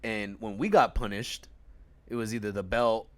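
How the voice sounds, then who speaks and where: A man co-hosting a podcast in casual chat, telling animated stories and acting out family members. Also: fairly low pitch, normal speed. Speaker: podcast co-host.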